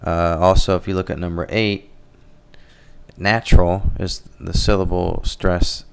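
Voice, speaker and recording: A man with a deep voice and a gravelly edge teaches a language lesson over slides. His tone is smooth and resonant, and his delivery is relaxed and explanatory, with small fillers and self-corrections. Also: normal speed. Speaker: Spanish teacher.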